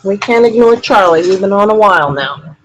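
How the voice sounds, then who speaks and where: A woman hosting a relaxed live paranormal chat from a room in her home, rambling and chatty. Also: mid-range voice, brisk, rough recording. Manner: rambling, chatty, laughs often.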